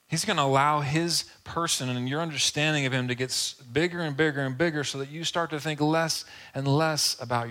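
A male pastor delivering a sermon in an easygoing, conversational tone. His voice sits at a middle pitch, and he talks to the congregation like friends, slipping into brief quoted voices. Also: pushed and bright.

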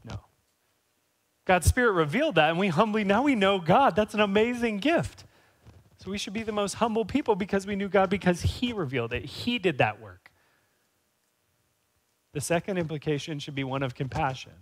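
A man preaching a sermon as pastor, speaking conversationally and rising to animated emphasis. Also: high-pitched, normal speed, pauses often.

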